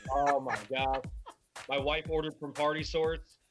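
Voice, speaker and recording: A man's voice: fairly high pitch, little pitch movement, a little slow, music in the background. A man on a casual podcast panel, laid-back and dropping dry remarks.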